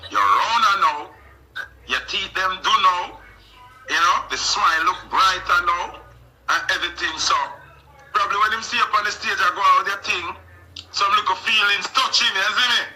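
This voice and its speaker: A man's voice: high-pitched, normal speed, low-quality recording. A man with a Jamaican accent talking casually on a radio show, telling stories in patois and often asking if you see him. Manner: animated patois storytelling, frequent "you see me?". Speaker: radio host. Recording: radio studio mic.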